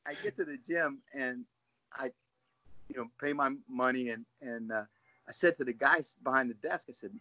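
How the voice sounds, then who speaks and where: A man, a guest coach on a casual podcast call, telling animated stories and often asking "right?". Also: mid-range voice, fairly quick, no room sound. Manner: storytelling, animated, says "dude" and "right?".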